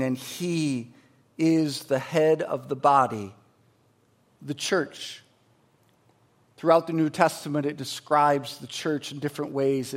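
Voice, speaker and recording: A man in his forties, a pastor, preaching a sermon with energetic storytelling and emphatic, rising delivery. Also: fairly high pitch.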